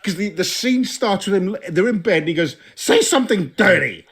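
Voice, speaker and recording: A man telling a comic story about a film, animated and full of swearing. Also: sits high, fairly quick. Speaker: podcast guest. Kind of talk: comedic film commentary.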